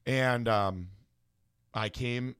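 A man's voice: mid-range voice, fairly even intonation, very slow, a bit bright, clear, resonant tone. A man, a bodybuilder guest, telling a personal story in a casual, profane way, full of filler words.

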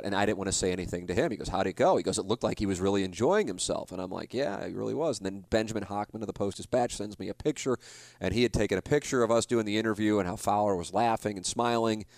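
A man's voice: on the low side, dry recording. Man in his forties telling a rambling story. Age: 40s. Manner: rambling storyteller, self-deprecating, frequent restarts. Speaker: podcast host. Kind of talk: casual monologue.

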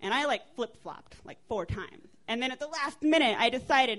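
This American woman in her 20s performs an amusing family anecdote on stage, talkative and animated, with laughter and swearing throughout. She speaks at a moderate pace with a fairly high pitch.

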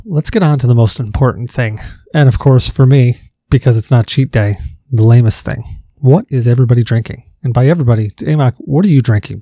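A man's voice: mid-range voice, warm tone, no echo. A man hosting a casual podcast, joking and rambling between topics. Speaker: podcast host. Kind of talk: casual chat.

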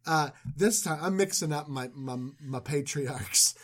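A podcast co-host retelling a Bible story as comedy, in an animated, jokey, slangy way. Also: mid-range voice, measured pace.

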